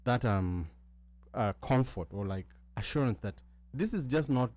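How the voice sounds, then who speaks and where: A Kenyan man telling a story in a casual panel discussion, with many halting restarts. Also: mid-range voice, lively intonation, a little mellow, dry recording. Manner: halting, many restarts, switches between English and Swahili. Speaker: guest.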